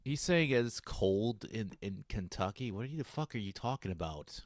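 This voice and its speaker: Young male co-host, blunt and emphatic, lowish voice, dry mic. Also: lively intonation, normal speed, no room sound. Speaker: stream co-host. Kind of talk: casual stream chat.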